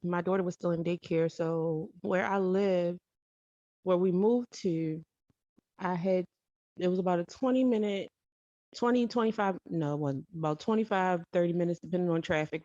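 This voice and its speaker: A woman's voice: on the low side, steady tone, normal speed, mellow, dry recording. A woman telling a personal story in a casual, rambling way, correcting herself and adding emphatic asides. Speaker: storytelling vlogger. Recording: dull lo-fi dry recording.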